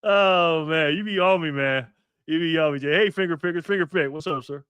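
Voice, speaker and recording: A man's voice: brisk, fairly bright tone, clean tone, no echo, lo-fi sound. A man hosting a casual livestream, reading viewer comments aloud in an upbeat, laid-back way and laughing often. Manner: upbeat, hypes up viewers with repeated "boom". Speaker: livestream host.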